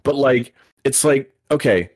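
A man's voice: medium pitch, expressive, a little slow, a little mellow, breathy edge, no room sound. A man co-hosting a casual podcast chat, rambling and swearing freely, now and then acting out mocking voices. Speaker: podcast co-host.

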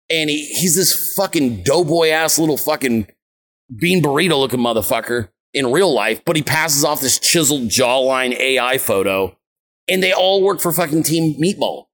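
A man's voice: fairly high pitch, expressive, moderate pace, a bit bright. A man in his thirties hosting a political show, ranting casually outdoors in a brash, mocking way with heavy swearing. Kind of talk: profane casual livestream rant. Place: outdoors on vacation, windy.

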